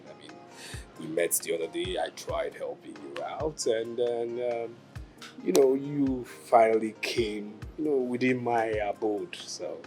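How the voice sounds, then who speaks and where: A calm, persuasive Nigerian widower wooing a woman. His mellow voice moves through a lively pitch range over a soft film score. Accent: Nigerian English. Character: smooth-talking male widower wooing a woman. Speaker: widower suitor. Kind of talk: film drama acting.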